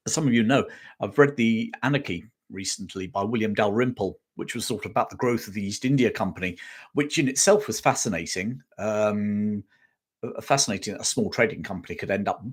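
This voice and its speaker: A man's voice: mid-range voice, breathy edge. A man hosting a live history chat stream, reading out viewer comments in a chatty way, with many ums and restarts.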